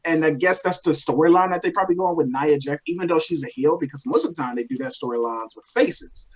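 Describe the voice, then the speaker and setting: A man's voice: on the high side, fast talker, highs cut off. A man co-hosting a casual chat, ranting in an exasperated, profane way. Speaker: podcast co-host.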